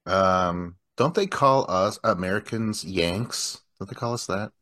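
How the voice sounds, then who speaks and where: A man's voice: deep voice, measured pace, pushed and bright, dry recording, clean studio sound. A man in casual podcast chat, laid-back and joking.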